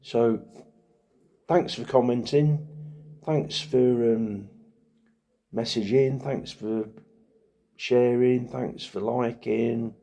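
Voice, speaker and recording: A man's voice: mid-range voice, fairly even intonation, drawn-out words, long pauses, mellow. A middle-aged man, telling wry rambling stories in a casual chat to camera. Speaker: vlogger.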